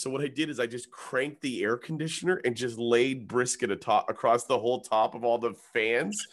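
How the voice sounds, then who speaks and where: A man's voice: mid-range voice, a little fast, hardly any pauses, a little hiss or hum. A man from Canada, a comedian, telling a long anecdote in casual chat. He swears often and acts out other people's lines in raised voices.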